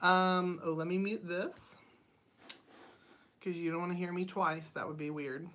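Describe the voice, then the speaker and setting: The channel host speaks in a lowish, steady voice at a measured pace during a casual livestream from her home studio. She's chatty, naming viewers as she greets them, reading comments aloud, and often saying um between bright laughs.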